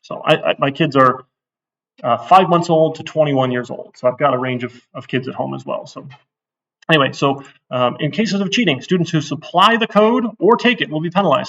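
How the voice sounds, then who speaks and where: A man's voice: a little high, normal speed, creaky, a bit bright, far from the mic, lo-fi sound. A middle-aged man giving a casual, blunt course intro lecture to a class, getting worked up as he talks. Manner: blunt, chatty, gets worked up. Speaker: university instructor.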